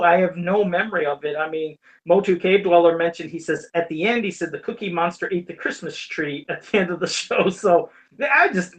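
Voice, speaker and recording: A man's voice: sits high, a bit bright. A man hosting a podcast in casual chat, rambling, laughing often and swearing casually. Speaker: podcast host.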